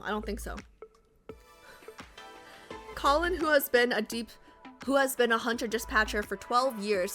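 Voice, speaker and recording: Bright-voiced woman reading a game story. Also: medium pitch. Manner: chatty, jokey asides. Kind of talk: casual story reading with asides.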